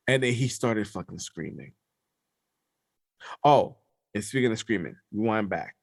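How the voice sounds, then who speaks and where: A man co-hosting a podcast, telling a story in slangy casual chat, animated and sometimes dropping to a hush. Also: lowish voice, moderate pace, gravelly, pauses often, husky, no echo, clean studio sound. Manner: animated storyteller, slangy, drops to hushed tones. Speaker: podcast co-host.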